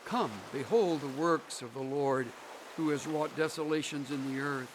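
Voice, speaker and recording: A man preaching a sermon slowly and emphatically, leaning on deliberate pauses and prayer. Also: on the high side, background noise. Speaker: pastor. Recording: sermon recording under ocean wave sounds.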